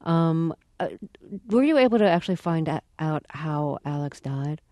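A woman interviewer with a low, warm voice, asking measured and gentle questions. She searches for her words a little as she frames each one. The sound is close and dry, made at a studio mic. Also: animated, no echo. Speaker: radio interviewer, host.

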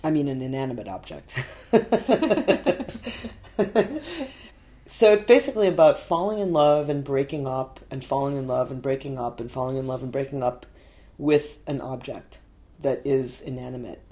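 A woman's voice: extremely low pitch, normal speed, long pauses, dark tone. Woman guest, New York, casual storyteller, laughs often, filler-heavy. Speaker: artist guest.

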